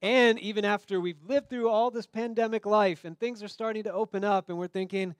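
A man with a fairly high voice preaches a sermon, talking to the congregation as if in conversation. He acts out the voices of the people in the story. The sound is dry, with no echo around him. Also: normal speed. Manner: conversational, acts out quoted dialogue. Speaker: pastor.

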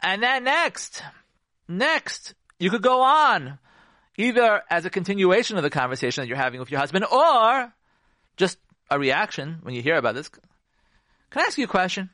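A man's voice: high-pitched, moderate pace, no echo, studio quality. A man, a rabbi, giving marriage advice on the radio, acting out conversations and asking listeners questions. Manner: animated, acts out conversations and asks the listeners questions. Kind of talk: radio talk.

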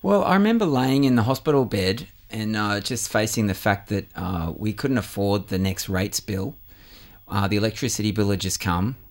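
A man's voice: on the low side, animated, moderate pace. A middle-aged man, a musician guest in a radio interview, talking earnestly with many ums and uhs.

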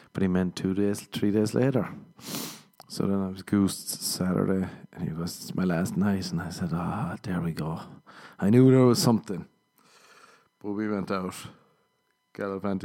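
A man's voice: sits low, steady tone, moderate pace, warm tone. A man, a comedian rambling casually on his podcast, self-mocking and swearing a lot. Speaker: podcast host. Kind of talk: casual solo podcast chat.

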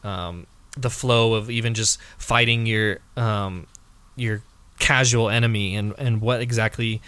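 A man's voice: fairly low pitch, fairly even intonation, unhurried, a bit bright, clean tone, no room sound. A man co-hosting a casual video game discussion, talking in a hesitant way with many fillers and restarts.

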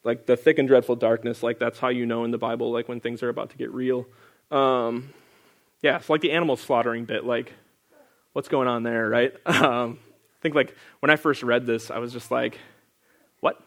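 A man's voice: mid-range voice, fairly even intonation, normal speed, a bit bright. A young man leading a casual Bible study, reading scripture aloud and then explaining it in a loose, chatty way full of filler words. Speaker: Bible teacher.

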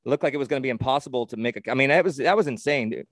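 A man co-hosting a podcast in casual sports chat, rambling and excitable with lots of swearing and restarts. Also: medium pitch, racing, no echo. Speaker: podcast co-host.

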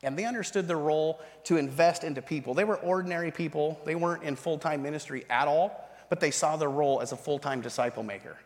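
Animated man preaching in a reverberant hall. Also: fairly high pitch, quick pace. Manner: animated storytelling, acting out quoted voices. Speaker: pastor. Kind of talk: sermon testimony.

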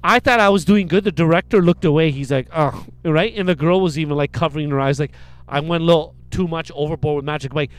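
A man with a high, smooth, clear voice tells a funny story in casual chat. He is animated and slips into the voices of the people he describes. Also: fast. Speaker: storyteller co-host.

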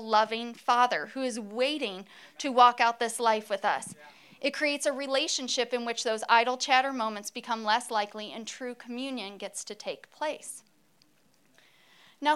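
A woman preaching a sermon in an earnest, expressive storytelling manner. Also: a little high, clean tone.

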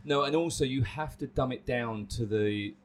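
A middle-aged man with an Essex accent hosting a casual chat, playful and animated and quick to jump in. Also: medium pitch. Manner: animated, playful, interrupts often. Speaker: host, online teacher.

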